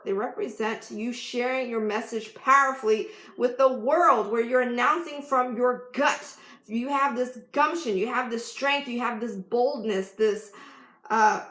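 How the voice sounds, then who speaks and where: A woman life coach giving an emphatic motivational vlog talk, laughing often. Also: on the high side. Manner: bursts into loud yelled affirmations. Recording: echoey room.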